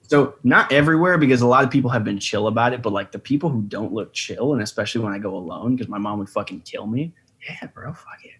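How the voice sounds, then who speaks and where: A young man, a podcast guest, telling a trip story in a relaxed, chatty way, swearing freely and saying "you know" a lot. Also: on the low side, fast talker, breathy edge. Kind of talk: casual chat.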